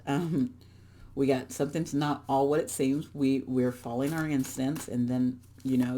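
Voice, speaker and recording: A woman's voice: rumbling low, gravelly, dark tone, slight background noise. A woman reads oracle cards for her viewers in a loose, chatty way. She rambles, stops and restarts her sentences as she goes. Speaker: tarot reader. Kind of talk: casual spiritual card reading.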